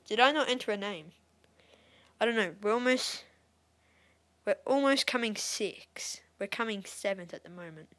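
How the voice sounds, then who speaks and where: A woman giving excitable live gameplay commentary as a YouTuber, squealing at wins and dropping to whispers when tense. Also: medium pitch, normal speed. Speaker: gaming YouTuber.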